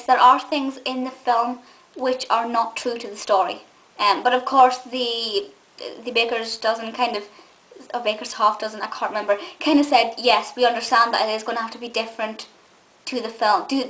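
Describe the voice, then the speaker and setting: A woman's voice: a little high, fairly bright tone, low-quality recording. A young Scottish woman giving a gushing, chatty film review full of fillers and restarts. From Scotland. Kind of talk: casual film review monologue.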